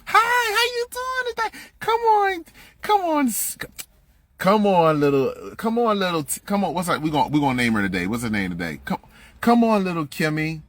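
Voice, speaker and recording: A man putting on the voice of a condescending female grade-school teacher, in a high, patronizing, singsong falsetto. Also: very animated, normal speed, no room sound. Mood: sugary mocking. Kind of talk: mocking impression on a livestream.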